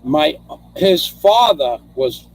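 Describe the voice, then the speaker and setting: A man's voice: on the high side, big pitch swings, extremely slow. A middle-aged man hosting a casual chat, telling rambling stories and reading out viewer comments, often repeating himself as he goes.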